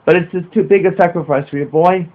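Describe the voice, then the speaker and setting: A man's voice: high voice, fast, voice pushed up. An eager, devout young boy pleads in a raised, lifted voice, as a man puts him on. He sounds earnest and insistent. The sound is thin and phone-like.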